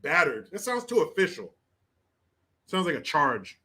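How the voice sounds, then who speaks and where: A man's voice: on the high side, very animated, a little slow, pauses often, pushed and bright. An American man hosting a casual live stream, reading chat comments, joking and laughing often. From United States. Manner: laughs often, playful, crude banter. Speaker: livestream host.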